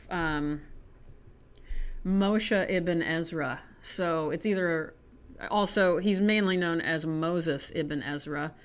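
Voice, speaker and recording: A woman's voice: low voice, smooth. Chatty American woman reading poems. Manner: chatty, self-deprecating, rambling asides. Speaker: poetry reader. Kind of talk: casual poetry reading vlog.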